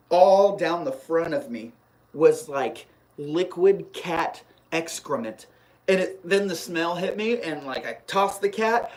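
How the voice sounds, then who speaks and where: With a mid-range voice at normal speed, a live stream host recounts a long personal story, rambling and animated, often starting over. Along the way they read viewer comments aloud and reply.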